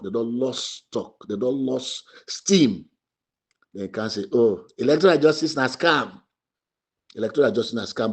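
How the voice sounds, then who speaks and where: Husky, emphatic Sierra Leonean man. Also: medium pitch. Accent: Sierra Leonean Krio English. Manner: emphatic, repetitive, rising to shouts. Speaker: party spokesman. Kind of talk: impassioned political commentary.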